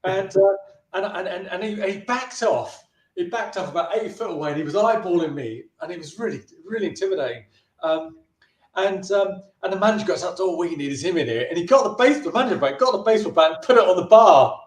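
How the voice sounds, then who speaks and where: High-voiced man telling a chatty story. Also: lively intonation, quick pace, echoey room. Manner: chatty, with frequent restarts and brief put-on voices for the people in his stories. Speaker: filmmaker interviewee. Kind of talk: anecdotal storytelling in a casual interview.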